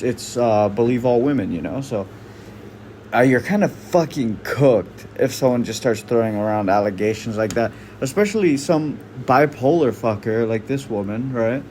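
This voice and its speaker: A man's voice: medium pitch, a little mellow, slight background noise. A man doing casual reaction commentary, blunt and slangy, swearing freely. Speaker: online commentator.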